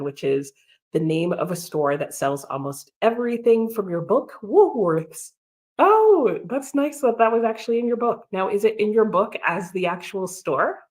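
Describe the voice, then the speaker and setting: An American woman hosting a casual reading livestream, chatting about her book and reading out and answering viewer comments. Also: fairly low pitch. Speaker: livestream host. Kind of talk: casual readalong chat.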